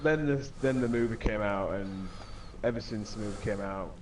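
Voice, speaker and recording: A man in his twenties co-commentating a sim race in a halting, rambling, informal way. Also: on the low side. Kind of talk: casual commentary chat. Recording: distant mic with clear background noise.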